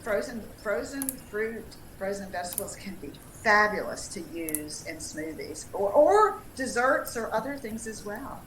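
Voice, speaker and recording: A woman's voice: medium pitch, animated, a little slow, hardly any pauses, fairly bright tone, roomy sound, a little hiss or hum, low-quality recording. A woman from Tennessee with a Southern accent, a dietitian giving upbeat, chatty advice and laughing often. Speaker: dietitian, featured speaker. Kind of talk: casual livestream talk.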